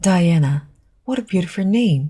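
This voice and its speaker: A woman's voice: fairly low pitch, fairly even intonation, normal speed, mellow, close to an everyday voice. A woman voicing a talkative, imaginative eleven-year-old orphan girl in an audiobook reading; her first language is Korean. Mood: eager. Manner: eager, dreamy, talkative.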